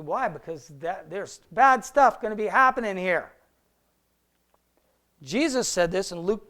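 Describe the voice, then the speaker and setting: A man leading a casual Bible study, talking through verses conversationally, asking rhetorical questions and reading old scripture slowly. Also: high voice, a bit bright. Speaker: Bible teacher.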